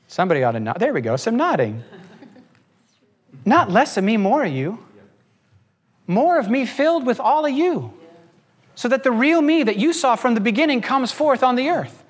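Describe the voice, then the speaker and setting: A man's voice: very high-pitched, very animated, fairly quick, breathy edge. A man preaching a sermon as a pastor, shifting his pace and acting out quoted voices as he goes.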